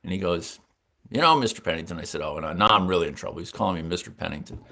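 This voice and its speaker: A man's voice: low-pitched, very fast, vocal fry, bright, forceful tone. A man in his sixties, a veteran sportswriter, telling stories in a casual interview and acting out the voices of people he quotes.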